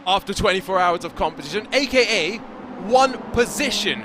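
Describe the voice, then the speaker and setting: A man commentating an esports endurance race, analytical and brisk with jokey asides. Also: high voice, expressive, noisy background.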